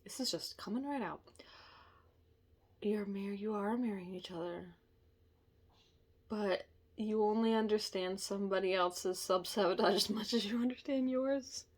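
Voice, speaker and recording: Chatty and relaxed, a woman reads tarot, frequently laughing, saying sorry, and fixing her words partway through sentences. Her mid-range voice moves a little slowly, with many pauses.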